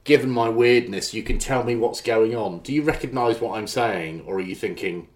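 A man's voice: mid-range voice, normal speed. A man interviewing a musician, talking in a hesitant, self-deprecating way and circling around his point. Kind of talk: conversational interview.

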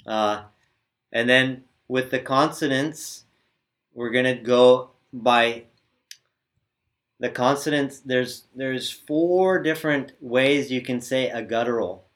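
A man's voice: medium pitch, slow, a bit bright. A man teaching pronunciation in a spoken lesson, patiently demonstrating each sound and often checking in with the class. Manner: frequent "right?" check-ins. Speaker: language teacher.

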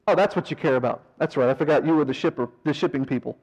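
A man leading a verse-by-verse Bible study, animated, swinging from loud emphasis to quiet asides and mocking mourners in a whiny voice. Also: on the high side, fairly quick, few pauses, low-quality recording. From American South. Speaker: Bible teacher.

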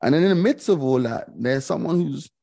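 A man's voice: fairly high pitch, lively intonation, fairly quick, gravelly, warm tone. A middle-aged man, a guest on a podcast, telling a personal story candidly and reflectively, repeating phrases and using many fillers. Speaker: guest, DJ and radio host.

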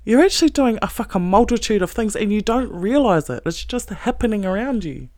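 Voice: mid-range voice, expressive, brisk, darkish tone, dry recording, clean studio sound. A self-help speaker giving a blunt, heavily profane motivational monologue, earnest and emphatic, with short laughs.

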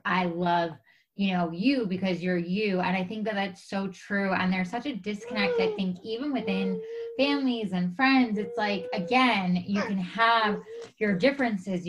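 A woman's voice: mid-range voice, rough recording. A young adult woman hosting a podcast conversation, talking enthusiastically and chattily with many fillers. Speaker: podcast host.

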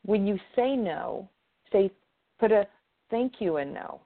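A woman's voice: mid-range voice, expressive, slow pace. A woman giving earnest advice in casual conversation, often restarting her sentences. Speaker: guest. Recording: tinny phone-like line.

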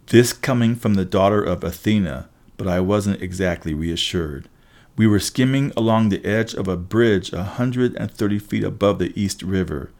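A man with a somewhat low voice reads a storybook aloud. His first-person telling is lively and emphatic. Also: normal speed, gravelly. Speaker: audiobook narrator. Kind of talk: storybook narration.

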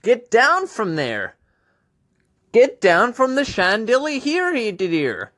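A man doing a shrill scolding voice. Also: wildly swooping pitch, slow pace, fairly bright tone, heavily acted. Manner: insistent, repeating itself. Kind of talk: comedic impression.

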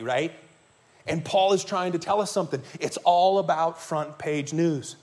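Speaking unhurriedly in a slightly mellow, higher-pitched voice, this male pastor delivers a sermon before his congregation in the church sanctuary. He tells stories in a chatty way and asks his listeners questions.

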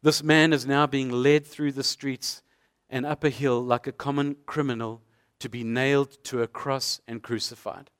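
A man's voice: mid-range voice, flat delivery, normal speed, a bit bright, smooth. A man preaching a sermon as a pastor, painting vivid scenes through repeated rhetorical questions.

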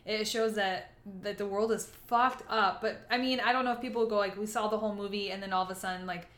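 A woman's voice: medium pitch, quick pace, echoey room. A woman co-hosting a podcast in casual chat, swearing freely and acting out scenes with sound effects. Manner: profane, animated storyteller who mimics sounds. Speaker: podcast co-host.

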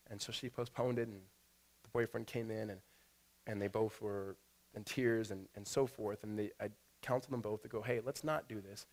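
Animated storytelling pastor. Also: male voice, on the low side. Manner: animated storyteller with fillers and restarts, rising to loud excitement. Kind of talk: sermon with personal story and prayer.

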